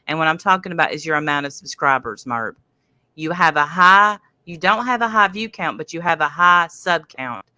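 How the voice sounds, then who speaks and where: A woman's voice: low voice, bright, forceful tone, no room sound. A woman hosting a casual livestream, rambling and greeting viewers in chat. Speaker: host.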